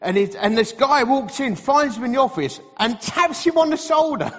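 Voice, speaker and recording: A middle-aged man, preaching a sermon as a lively, humorous storyteller in a large hall. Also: extremely high pitch, moderate pace. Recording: reverberant hall, slightly dull sound.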